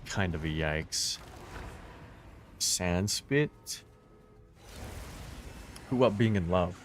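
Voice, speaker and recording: Low-voiced male streamer musing over gameplay. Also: animated, very slow, soft background music. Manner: laid-back, musing aloud. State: parched, losing his voice. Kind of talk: casual gameplay commentary.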